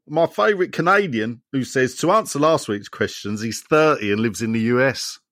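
A man with a mid-range voice hosts a podcast at normal speed, reading out listener messages and exchanging animated jokes with co-hosts. The studio sound is clean, without room noise.

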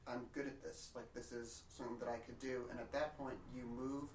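A woman's voice: extremely low pitch, steady tone, brisk, a little mellow, a little hiss or hum. A woman interviewing a guest in casual chat, encouraging her with short replies. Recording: roomy and distant from the mic.

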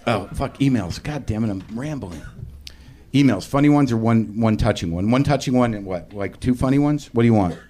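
A man's voice: medium pitch, animated, a little fast, warm tone. A man hosting a live comedy podcast, rambling through a profane, self-deprecating monologue on stage. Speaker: podcast host. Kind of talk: live stand-up-style monologue.

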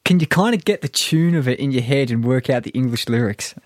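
A man's voice: medium pitch, lively intonation, brisk, no room sound. A man hosting a casual quiz, teasing his guest and laughing often. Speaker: quiz host.

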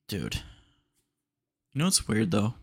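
A man's voice: fairly low pitch, gravelly. A man hosting a solo podcast in a casual, rambling chat style, talking close to his microphone and often calling listeners "dude". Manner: rambling, laid-back, keeps saying "dude". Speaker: podcast host. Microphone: podcast mic close to the face.

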